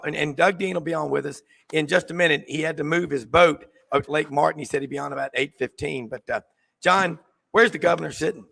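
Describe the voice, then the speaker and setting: A man hosting a sports talk show, excitable and rambling, and losing his voice. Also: a little high, quick pace, gravelly. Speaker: sports radio host. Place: coffee shop.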